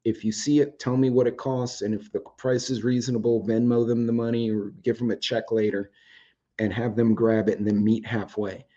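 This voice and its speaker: This is a man with a mid-range, warm voice and a flat delivery, talking at a moderate pace with the highs trimmed away. He's hosting a relaxed chat show indoors at home among his dogs, rambling, cursing casually, and starting to lose his voice.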